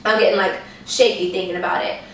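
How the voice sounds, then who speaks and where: Young woman, storytime vlogger, lively retelling with voiced quotes, roomy echo. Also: fast, slight background noise. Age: young adult. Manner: animated, acts out quotes in high voices. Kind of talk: casual storytelling. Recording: echoey room, voice a bit far from the mic.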